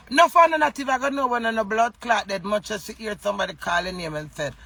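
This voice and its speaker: Gravelly defiant Jamaican woman, swearing. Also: medium pitch, brisk, few pauses, sharp tone. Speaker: vlogger. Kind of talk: rambling emotional monologue.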